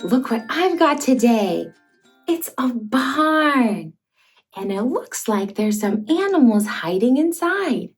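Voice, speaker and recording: A young woman hosting a toddler learning video, talking in a slow, exaggerated sing-song way and playfully making animal sounds. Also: a little high, very animated, faint music behind. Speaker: children's educational host.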